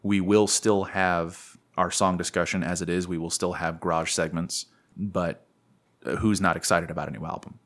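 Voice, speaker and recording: A man's voice: deep voice, flat delivery, moderate pace, a bit bright. A man co-hosting a podcast in casual chat, playful and rambling, making jokes at his own expense. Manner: playful, rambling, self-mocking. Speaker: podcast co-host.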